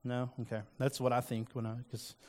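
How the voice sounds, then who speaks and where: A man's voice: medium pitch, level tone, brisk, darkish tone. A man preaching a sermon in a conversational, earnest way, acting out quoted lines with rising emphasis. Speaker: pastor.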